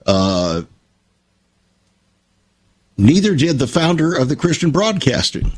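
A man's voice: fairly high pitch, sing-song, slow pace, darkish tone. An older man, a Christian broadcaster, telling stories in an earnest, emphatic way on a conversational talk show.

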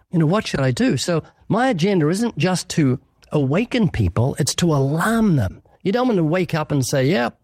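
A man's voice: on the high side, a little mellow, no room sound. A man speaking as an evangelist guest, earnest and emphatic, preaching and acting out short exchanges. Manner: earnest, emphatic, sermon-like with acted dialogue. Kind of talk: preaching in a radio interview.

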